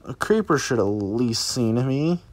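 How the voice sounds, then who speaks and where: A man's voice: medium pitch, animated, normal speed. A man giving live commentary as he plays a survival game, chatting to viewers and reacting aloud as things happen. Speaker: let's play gamer.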